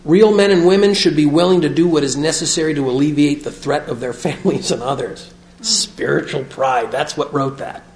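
A man's voice: a little high, a little fast, vocal fry. A middle-aged man talking candidly to a group, reading from his notes and joking at his own expense. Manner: self-mocking, confessional, reads aloud from notes. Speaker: speaker sharing at a recovery meeting. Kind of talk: candid personal talk to a group. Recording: echoey room.

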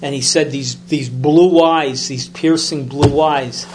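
A man's voice: medium pitch, steady tone, takes it slowly, background noise. A man telling a story at a recovery meeting in casual, rambling talk, repeating words and acting out voices as he goes.

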